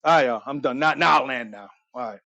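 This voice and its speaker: A male host chats on a live stream in a loose, rambling way, sometimes rushing his words. His voice sits in a middle range and sounds dry and close. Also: mid-range voice, pushed and bright, dry recording, highs cut off. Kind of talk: casual live stream chat.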